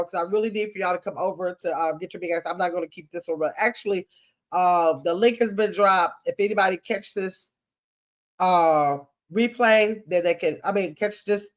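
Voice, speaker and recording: Chatty older woman reading live comments. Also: mid-range voice. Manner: chatty, playful, reads viewer comments aloud. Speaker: livestream host. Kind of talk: casual livestream chat reading comments.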